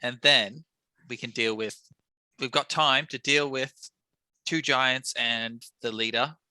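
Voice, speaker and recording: Man, very bright voice, dry close sound, in-character tabletop player, urgent and excitable. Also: mid-range voice, slow pace, no echo. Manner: urgent, plan-pushing, excitable.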